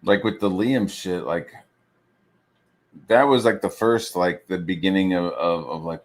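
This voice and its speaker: A man with a very low voice rants casually as he works on comic pages. His talk rambles, loaded with profanity and filler words, loose and unscripted. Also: measured pace. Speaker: streamer and comic artist.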